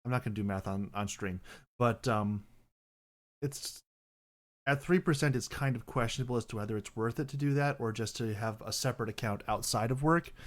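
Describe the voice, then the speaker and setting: A man's voice: medium pitch, brisk. Rambling young man chatting casually. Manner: rambling, self-correcting, bursts into loud mock voices. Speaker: podcast host. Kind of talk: casual chat on stream.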